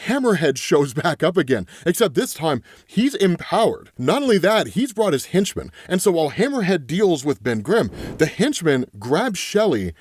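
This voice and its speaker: Animated man recapping comic stories. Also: fairly high pitch, normal speed, hardly any pauses, breathy edge, dry recording. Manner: animated, tags lines with "right?" and "like"; retells dialogue in his own voice. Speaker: comic book explainer host. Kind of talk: casual comic story recap.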